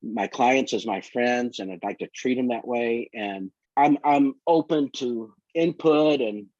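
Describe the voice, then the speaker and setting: A man with a mid-range, slightly mellow voice and a measured pace rambles through winding stories of his work as a photographer being casually interviewed. There's no room sound, and the recording is dull, dry and lo-fi.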